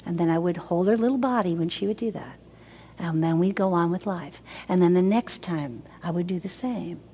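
A woman's voice: fairly low pitch, normal speed, mellow, slightly rough. Older woman teaching mothers in a hall. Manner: emphatic, repeats words for effect, asks the audience questions. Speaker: women's ministry speaker. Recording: long hall reverb.

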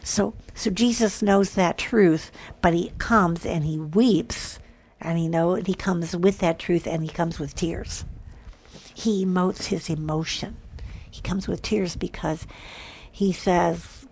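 A woman's voice: on the low side, steady tone, a little slow, vocal fry, darkish tone, slight background noise. A woman hosting a devotional talk show, speaking earnestly and dropping at times to near whispers. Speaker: podcast host.

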